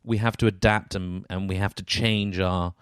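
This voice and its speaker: A man hosts the conversation in a very low voice, recorded dry and close. He feels his way through his points, pausing and restarting as he goes. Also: fairly even intonation, smooth, dry recording. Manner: thinks aloud, many fillers and restarts. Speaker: podcast host. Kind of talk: casual interview chat.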